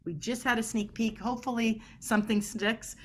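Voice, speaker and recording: A woman's voice: a little high, fairly even intonation, normal speed, slight background noise. A middle-aged woman guest on a podcast interview, explaining body language in an emphatic way and acting out quoted dialogue.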